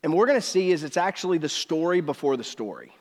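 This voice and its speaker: A man in his thirties preaching a sermon, telling a personal story with lively swings between hushed and excited delivery. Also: fairly high pitch, quick pace, big-room sound. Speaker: pastor.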